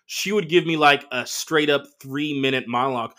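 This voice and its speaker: A man hosting a comedy podcast alone, telling profane relationship stories with animated acted-out quotes. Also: medium pitch, normal speed, few pauses. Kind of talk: casual solo monologue.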